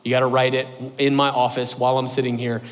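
A firm, no-nonsense female professor laying down terms, as a man puts her on in his storytelling. The voice drops lower than his own and stays measured and flat, with a faint long reverb trailing in the hall. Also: close to an everyday voice. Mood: stern, businesslike. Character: stern female college professor, firm and businesslike.

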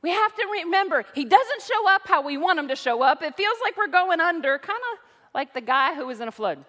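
A middle-aged woman pastor delivering an animated sermon, telling stories between points. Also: very high voice, a little fast. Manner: animated preaching with storytelling asides. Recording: long hall reverb.

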